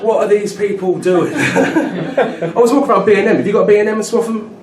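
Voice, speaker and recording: 30s guy doing stand-up at a pub gig, chatty, keeps asking "right?", sounds far off in a boomy room. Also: a little fast, over a noisy crowd. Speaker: stand-up comedian. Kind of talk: stand-up comedy set. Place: pub comedy night with a live audience. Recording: echoey room from far off, loud noise.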